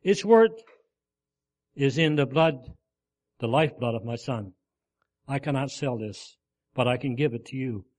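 A man's voice: medium pitch, animated, unhurried, long pauses, darkish tone, lightly acted. A man voicing an old pearl diver in a sermon story, speaking earnestly and pleadingly. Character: old male pearl diver, grave and devoted.

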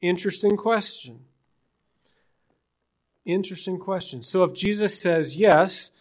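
A man's voice: high voice, a little slow, long pauses. A man from British Columbia preaching a sermon in a conversational way, asking his congregation rhetorical questions. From British Columbia, Canada. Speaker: pastor. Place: church in Newfoundland.

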